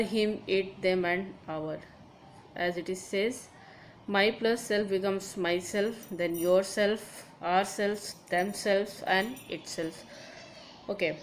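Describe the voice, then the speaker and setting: A middle-aged woman teacher, speaking at a medium pitch, walks pupils through a grammar lesson step by step. She repeats her examples and often checks in with "okay" and "see". A faint hiss sits under the voice. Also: low-quality recording. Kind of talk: recorded online grammar lesson.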